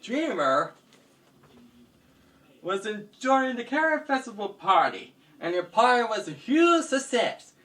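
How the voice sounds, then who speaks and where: Slow, animated man telling a story. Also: high voice. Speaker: vlogger and storyteller. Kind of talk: homemade story narration. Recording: distant mic with background noise.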